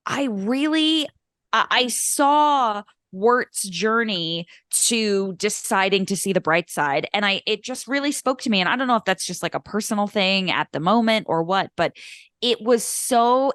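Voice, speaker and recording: A woman's voice: medium pitch, lively intonation, measured pace, fairly bright tone, dry recording, studio quality. A young woman co-hosting a podcast in casual chat, talking in a gushing, emotional way with many restarts. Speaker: podcast co-host.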